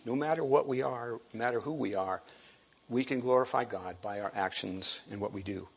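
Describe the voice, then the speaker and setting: A man giving a sermon, halting and restarting often and clearing his throat. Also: mid-range voice. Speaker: preacher.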